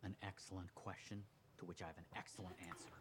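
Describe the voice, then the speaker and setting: An actor voicing an excited, grandiose male scholar of ancient runes in a game. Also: low voice, fast talker, very noisy, natural voice. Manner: grandiose, theatrical, self-satisfied.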